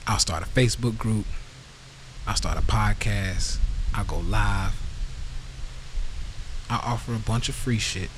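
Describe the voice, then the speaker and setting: A man's voice: fairly low pitch, a little slow, pauses often, background noise. A man hosting a podcast, ranting in a blunt, profane, heated way and answering live comments from his audience. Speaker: podcast host. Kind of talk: casual rant to a live audience.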